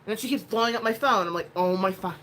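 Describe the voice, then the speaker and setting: A woman's voice: mid-range voice, quick pace, fairly bright tone. A woman vlogging at home, telling a rambling story in a blunt, casual way with plenty of swearing. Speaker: vlogger, mother.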